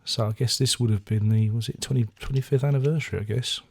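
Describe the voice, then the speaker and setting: A man's voice: medium pitch, steady tone, fast, creaky, slightly rough. A man casually reviewing his record collection, rambling with dry self-mocking jokes. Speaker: album reviewer. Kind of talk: casual chat.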